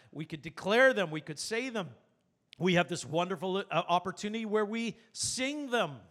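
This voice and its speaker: A man preaching a sermon as pastor, earnest and animated, with rhetorical questions. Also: high voice.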